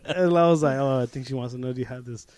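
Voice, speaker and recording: A man's voice: mid-range voice, fast. A young man hosting a casual podcast chat, telling stories with lots of laughter and swearing. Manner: laughing, swearing, animated storytelling. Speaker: podcast host.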